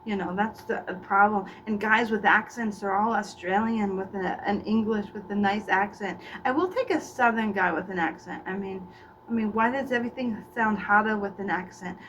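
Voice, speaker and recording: In a mid-range, fairly bright voice at normal speed, a middle-aged woman performs a comedic character: a washed-up former child star. She rambles and gossips, often tripping into stammering restarts, picked up by a distant mic with faint noise behind her.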